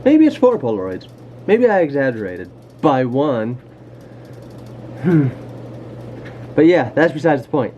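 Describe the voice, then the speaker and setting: A man's voice: mid-range voice, very animated, a little slow, pauses often, a little mellow, a little hiss or hum. A man vlogging casually about his camera collection, rambling off topic with goofy, self-deprecating jokes. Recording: dull lo-fi home video sound.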